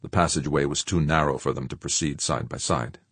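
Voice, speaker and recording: A man narrating an audiobook in an expressive storytelling manner. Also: rumbling low, brisk, slightly rough, no echo. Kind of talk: scripted narration.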